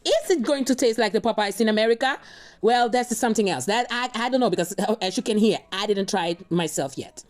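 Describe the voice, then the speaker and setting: A woman's voice: on the high side, expressive, fairly quick. A woman hosting a reaction video, chatting casually and rambling straight to her viewers. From Europe.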